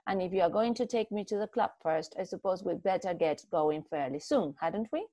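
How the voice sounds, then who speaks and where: A woman's voice: lowish voice, lively intonation, fairly quick, dark tone, no echo, studio quality. A woman voicing a fussy, controlling elderly husband who speaks in a testy, commanding way.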